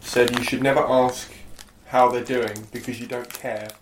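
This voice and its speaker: A young man, a comedian hosting, chatting quickly and breaking off his own sentences. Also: mid-range voice, little pitch movement, echoey room, slight background noise. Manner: chatty, quick, self-interrupting. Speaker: comedian host. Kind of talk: casual conversation.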